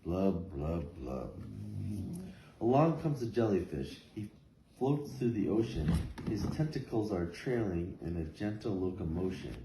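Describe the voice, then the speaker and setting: Low-voiced man reading a rhyming storybook. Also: lively intonation, normal speed. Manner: rhythmic rhyming read-aloud. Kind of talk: reading a picture book aloud. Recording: echoey room, faint noise.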